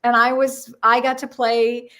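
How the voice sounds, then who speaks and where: An older American woman, a numerologist appearing as a guest, tells stories in a chatty interview and animatedly acts out the voices in them. Her voice is on the high side, and her pace is measured.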